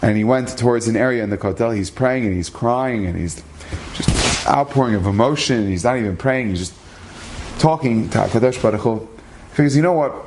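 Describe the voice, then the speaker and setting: A rabbi telling an inspirational story in a lively, conversational way, using Hebrew terms along the way. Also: male voice, mid-range voice, fairly quick, background noise.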